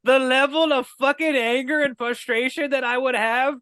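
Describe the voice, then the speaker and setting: A man co-hosting a podcast, reacting in casual, profane chat with loud exclamations. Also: very high voice, steady tone, normal speed, clear, resonant tone, no room sound. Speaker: podcast co-host.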